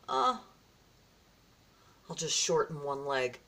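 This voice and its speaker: A woman's voice: fairly low pitch, expressive, takes it slowly, fairly bright tone. A woman vlogging casually as she opens gifts, effusive and gushing, often gasping and exclaiming. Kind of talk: casual vlog, opening gifts from a viewer.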